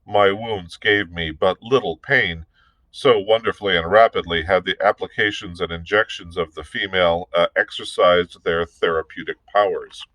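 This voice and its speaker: A male librarian reads a novel aloud at a measured, deliberate pace, now and then tripping on a word and starting it again. His voice sits low, and the recording is close and dry, with no echo around him. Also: pushed and bright. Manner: measured, deliberate reading with small slips and restarts.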